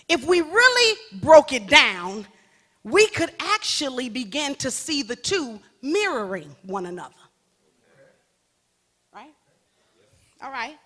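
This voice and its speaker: A woman's voice: sits high, sharp tone. A woman evangelist preaching a sermon, rising to emphatic peaks and dropping into playful asides to the congregation.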